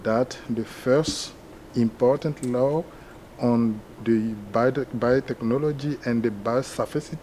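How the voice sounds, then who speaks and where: A man from Ivory Coast speaks English with a French accent, his first language showing through. He answers slowly and pauses often to find the right words. A faint background noise sits under his voice. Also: medium pitch, mellow. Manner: hesitant, searching for words. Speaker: university lecturer. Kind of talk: interview answers.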